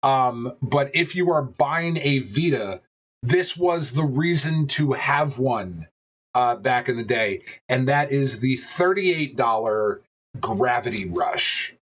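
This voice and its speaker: A man co-hosting a casual podcast chat. He talks in a loose, rambling way, swears freely and drops plenty of fillers, and his voice jumps up when he gets excited. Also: mid-range voice, slow. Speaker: podcast co-host.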